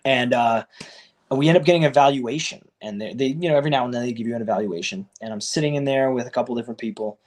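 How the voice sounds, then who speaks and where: Male wrestler guest, mid-pitched, talks fast and loose, animated when he acts out quotes. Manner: loose and conversational, many fillers like "like" and "you know". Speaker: professional wrestler telling his career story. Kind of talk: casual storytelling in an interview.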